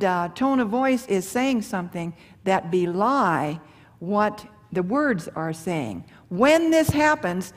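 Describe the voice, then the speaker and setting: A middle-aged woman giving a live seminar on marriage and communication, talking folksy and animated, with rhetorical questions and acted-out quotes. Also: on the high side. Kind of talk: seminar talk to a live audience. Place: large hall or church with an audience. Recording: live hall with long reverb.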